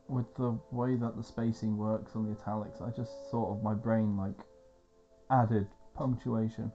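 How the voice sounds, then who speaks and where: An English man chatting loosely while he plays, rambling and poking fun at himself with plenty of swearing. His voice is mellow and relaxed. The recording is slightly dull and lo-fi, with faint music behind. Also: lowish voice, a little slow. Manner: rambling, self-mocking, sweary asides. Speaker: streamer playing a game. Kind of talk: casual gameplay commentary.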